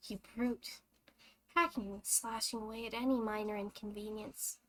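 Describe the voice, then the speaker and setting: A woman voicing a cold, scornful male android thief, speaking low and reproachful. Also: fairly even intonation, moderate pace, fairly bright tone, a little hiss or hum, lightly acted.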